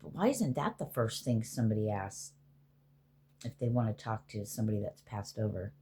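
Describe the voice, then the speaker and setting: A woman's voice: very deep voice, lively intonation, normal speed, warm tone, husky. A middle-aged woman, a spiritual healer, rambling casually and with profanity as she talks to spirits aloud.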